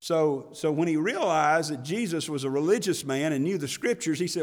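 A man's voice: fairly high pitch, animated, moderate pace, hardly any pauses. Man preaching a sermon in a hall. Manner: preaching with rising fervor, acting out quoted voices. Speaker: pastor.

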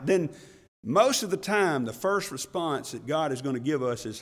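A man preaching in a church sanctuary, his voice high for a man. He talks in a folksy, conversational way, repeating phrases for emphasis. The hall adds a long, ringing reverb. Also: big pitch swings, a little slow, fairly bright tone. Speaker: pastor. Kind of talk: sermon.

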